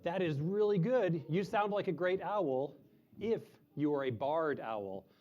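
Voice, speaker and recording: Man, animal presenter, chatty, explains simply to kids, slightly high voice, muffled lo-fi sound. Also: animated, unhurried, darkish tone. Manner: imitates owl hoots in a high voice. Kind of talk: live animal show for kids.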